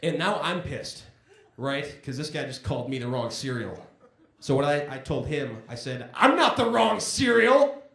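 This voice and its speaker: A man's voice: medium pitch, moderate pace. A man doing a stand-up comedy set on a club stage, talking in a conversational, self-deprecating way and acting out voices in his stories. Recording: echoey comedy club room.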